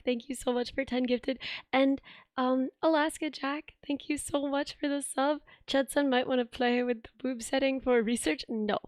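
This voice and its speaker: A young woman with a sick voice, chatting on a live stream, thinking aloud as she tinkers and thanking viewers with excitement. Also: high-pitched, moderate pace, no echo, studio quality. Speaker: livestreamer. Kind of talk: casual live stream chat. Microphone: desk streaming microphone.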